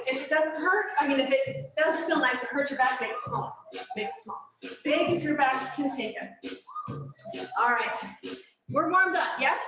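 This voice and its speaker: A woman leading a live fitness class, talkative and encouraging, giving step-by-step cues and counting out reps. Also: sits high. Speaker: fitness instructor. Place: echoey studio with music playing. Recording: very echoey room, music behind. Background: workout music.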